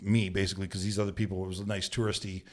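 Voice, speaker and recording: A man's voice: deep voice, rapid-fire. A man from Canada, a bushman guest on a podcast, telling stories in a casual studio chat, acting out quoted lines and often asking "right?". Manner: animated storyteller who acts out quotes, says "right?" often. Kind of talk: casual storytelling.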